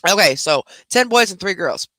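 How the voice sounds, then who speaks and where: A host tells a family story in a casual, animated chat, swearing freely and letting her words run loose. Her medium-pitched voice is bright, forceful and close, at a moderate pace, with a dry sound and no room echo.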